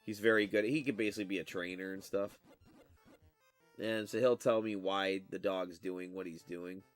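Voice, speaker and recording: A man's voice: low voice, steady tone, moderate pace, soft background music. A man chatting casually while he plays a game, telling a rambling story full of fillers and restarts. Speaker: gaming streamer.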